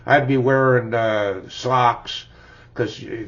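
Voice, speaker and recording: A man's voice: medium pitch, steady tone, slow pace, a bit bright. An older man, chatting casually and chuckling as he rambles through the records he loves, tagging his sentences with "eh?". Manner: rambling, chuckling, tags lines with "eh?". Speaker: music collector vlogger. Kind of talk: casual reminiscing about records. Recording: dull lo-fi home recording.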